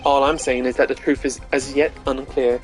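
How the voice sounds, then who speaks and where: A man doing a suave, hoarse young prosecutor. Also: medium pitch, little pitch movement, normal speed, faint music behind, natural voice. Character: smooth, confident young male prosecutor rock star.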